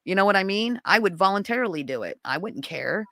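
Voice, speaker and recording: A woman guest on a podcast, telling a story in casual conversation, animated and rising to high exclamations. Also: a little fast, dry recording.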